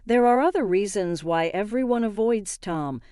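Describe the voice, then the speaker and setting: A woman reading a first-person story aloud in a steady, even manner. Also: mid-range voice, moderate pace, clear, resonant tone, no room sound, studio quality. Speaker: narrator.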